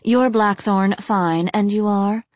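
A woman's voice: mid-range voice, fairly even intonation, slow pace, no room sound, voice pushed up, natural voice. A woman voicing a blunt, disdainful undead woman who mocks her guests in a storybook reading. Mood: sardonic. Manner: mocking, blunt.

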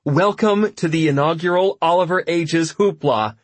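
Man doing a loud showy girl announcer, higher up, bit husky, storybook. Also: normal speed, no echo, natural voice. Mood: announcing. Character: brash young woman acting as a showy announcer.

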